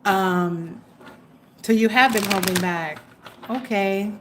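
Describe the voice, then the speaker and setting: A woman with a mid-range voice hosts a live tarot reading, talking slowly over a noisy background. She's chatty and exclamatory as she reads cards for her viewers, often trailing off into fillers.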